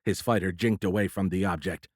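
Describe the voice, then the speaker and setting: A man narrating an audiobook thriller in a steady, measured storytelling voice. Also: sits low, breathy edge, no room sound, studio quality. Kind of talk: scripted narration.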